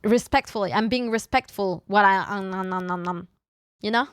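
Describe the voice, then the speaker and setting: A woman's voice: medium pitch, moderate pace, a bit bright, smooth. A young woman, streaming in casual chat, playfully teasing her viewers and often restarting her sentences. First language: French. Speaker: VTuber streamer.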